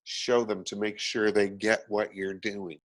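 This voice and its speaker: A man, an actor as a guest, chatting casually and telling animated, self-deprecating stories. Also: lowish voice, unhurried, music in the background. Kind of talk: casual chat.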